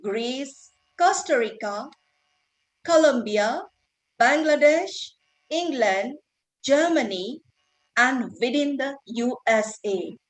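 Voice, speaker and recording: A woman presenting a webinar and introducing a guest speaker in a formal, measured way over a video call. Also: sits high, animated, poor audio.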